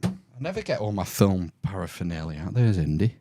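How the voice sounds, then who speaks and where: A man's voice: deep voice, sing-song, fairly quick, background noise. A man hosting a podcast, chatting casually and reminiscing about films. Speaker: podcast host. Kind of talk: casual chat.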